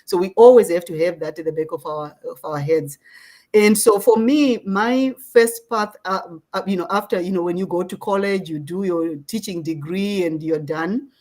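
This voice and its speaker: A middle-aged woman from Zimbabwe, a social justice advocate, answering interview questions in an earnest, measured way and often checking in with "right?". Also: on the low side, darkish tone.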